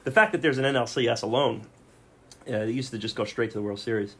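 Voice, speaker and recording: A man's voice: medium pitch, fast, fairly bright tone, husky. A man hosting a casual podcast, reading off film facts and joking with his co-hosts. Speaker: podcast host.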